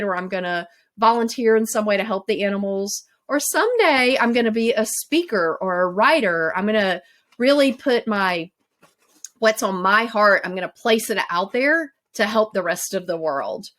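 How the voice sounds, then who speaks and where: A woman giving a relaxed, motivational coaching talk in a chatty, conversational way. Her voice sits at a middle pitch, and she often laughs at herself. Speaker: life coach.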